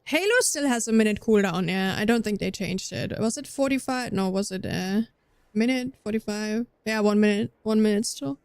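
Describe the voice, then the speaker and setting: A woman's voice: mid-range voice, normal speed, smooth, no echo. A young German woman with a slight Scandinavian tinge to her accent, chatting casually with viewers on a livestream, rambling and often restarting her sentences. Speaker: livestream streamer. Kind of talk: casual chat with viewers while gaming.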